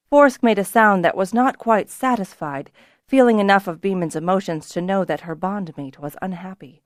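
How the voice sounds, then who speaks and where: A woman reads scripted narration for a fantasy audiobook at normal speed, recorded clean in a studio without echo. She voices characters by raising her pitch and volume for their lines.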